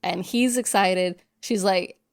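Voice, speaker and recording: A woman's voice: medium pitch, takes it slowly. A woman co-hosting a podcast, casually recapping a horror film, swearing freely and acting out the characters' lines. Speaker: podcast co-host. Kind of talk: casual movie recap chat.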